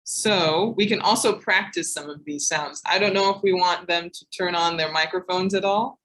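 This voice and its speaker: A woman teaching English pronunciation in a live online class, saying each word slowly and twice. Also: on the low side, a bit bright, low-quality recording. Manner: slow, deliberate, repeats each word twice.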